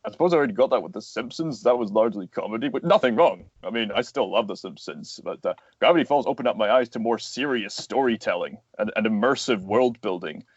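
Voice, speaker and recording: A man's voice: lowish voice, expressive, quick pace, hardly any pauses, slightly rough, no room sound, lo-fi sound. A man, a voice actor and animator, talking as a guest in a casual interview, explaining earnestly at length with plenty of fillers.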